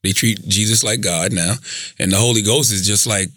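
A man's voice: lowish voice, normal speed, a bit bright, no echo. A man co-hosting a podcast in casual chat, joking provocatively, a little congested. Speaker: podcast co-host.

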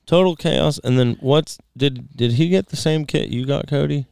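A man, a shop mechanic, giving short low-key replies on a casual podcast. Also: normal speed, vocal fry, darkish tone, clear, resonant tone, dry recording, clean studio sound.

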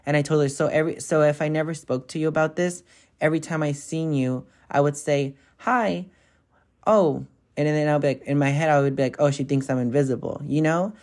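A woman's voice: low-pitched, fairly even intonation, quick pace, a little mellow. A young woman vlogger telling stories in a casual, rambling way, swearing freely and filling her talk with constant "like"s. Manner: profane, rambling, filler-heavy with constant "like". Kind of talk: casual storytelling vlog.

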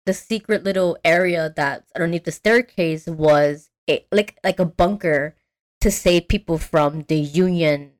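Animated young woman recapping a film. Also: on the low side, measured pace. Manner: animated storytelling, acts out quotes, swears casually. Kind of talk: casual movie recap chat.

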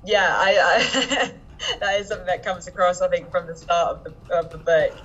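A woman's voice: fairly low pitch, fairly even intonation, moderate pace, fairly bright tone, slightly rough. A woman hosting a podcast, interviewing a guest over a video call in a casual, chatty way with fillers. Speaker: podcast host. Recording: dull, lo-fi call audio with faint noise.

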